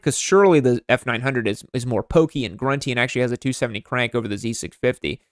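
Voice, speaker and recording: A man's voice: fast talker, few pauses, a bit bright, clean tone, no echo, clean studio sound. Sarcastic man roasting motorcycles. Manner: sarcastic, mock-exasperated, jumps high when outraged. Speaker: livestream host roasting viewers' motorcycles. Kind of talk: comedic livestream commentary.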